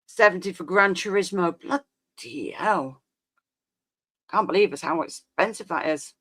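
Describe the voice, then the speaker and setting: A woman's voice: lowish voice, unhurried, a bit bright, breathy edge. Mum in her 50s rambling on her stream, casual chatty reminiscing, keeps trailing off. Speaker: live streamer chatting with viewers. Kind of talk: casual chat.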